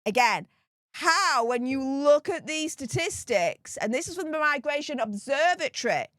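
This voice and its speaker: A woman's voice: sits high, animated, fairly bright tone, dry recording, clean studio sound. A woman giving solo political commentary, reading out figures and then firing off indignant, emphatic rhetorical questions. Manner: reads out statistics slowly, checking in with "okay?".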